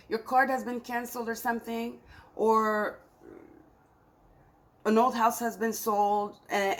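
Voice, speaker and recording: A woman's voice: mid-range voice, poor audio. A woman giving a spiritual tarot reading to her viewers, talking in an emphatic, scolding way that swings between exasperation and pleading. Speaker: tarot reader.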